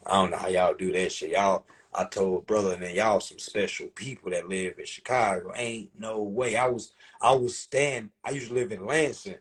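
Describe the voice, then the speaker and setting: A young Southern man from South Carolina telling a profane, animated story to his livestream viewers. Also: fairly low pitch, slightly rough. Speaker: livestream host. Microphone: phone.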